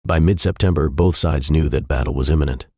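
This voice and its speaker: A man narrating a historical fiction story in a measured, even way. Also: a bass voice, husky, no echo, clean studio sound.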